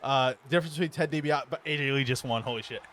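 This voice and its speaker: A man's voice: mid-range voice, fast talker, fairly bright tone, a little hiss or hum. A man doing casual video game commentary with a co-host, blunt and argumentative, cursing freely.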